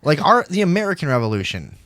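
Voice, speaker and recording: A man's voice: a little high, sing-song, fast talker, fairly bright tone, dry recording. A young man hosting a talk show, debating in a rambling, emphatic way and swearing a lot. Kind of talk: casual profane debate.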